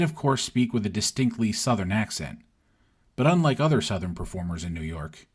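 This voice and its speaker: Male podcast host, husky voice, scripted narration. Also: fairly low pitch.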